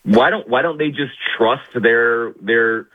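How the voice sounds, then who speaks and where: A man's voice: medium pitch, slow. A man calling in to a sports radio show, bantering in a mock-humble, sarcastic way. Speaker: phone-in guest. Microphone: phone. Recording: phone line.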